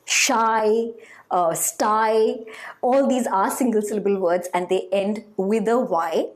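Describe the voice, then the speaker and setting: A woman teaching a phonics lesson to children, slowly sounding out example words and asking questions. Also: mid-range voice. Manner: slow, lively, sounding out words.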